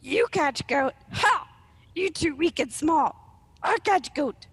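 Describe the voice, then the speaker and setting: Arg, a woman doing a gravelly troll. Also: sits high, expressive, slow, long reverb tail, voice pushed up. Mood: scornful. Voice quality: gruff, gravelly. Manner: shouting in broken speech. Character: big grumpy male troll, territorial.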